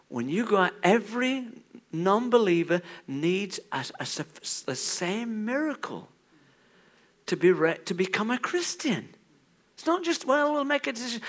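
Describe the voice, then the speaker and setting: Animated man preaching a church sermon, bright voice with lively pitch. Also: measured pace. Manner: animated, swings from hushed to loud.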